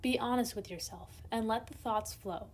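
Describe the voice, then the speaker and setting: A woman giving a prepared talk, calmly addressing the listener. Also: fairly high pitch, moderate pace. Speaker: speaker.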